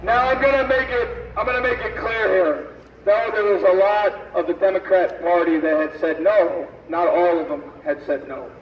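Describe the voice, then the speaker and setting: A man speaking at a rally, slowly reading out a roll call and stumbling over names, in an outdoor speech. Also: high voice, a little hiss or hum. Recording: distant, echoey, dull lo-fi sound with faint ambience.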